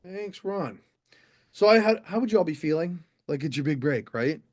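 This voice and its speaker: A middle-aged man, a motivational speaker, telling an animated story on stage and speaking straight to a live audience. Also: on the high side, brisk. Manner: animated, addresses the audience directly.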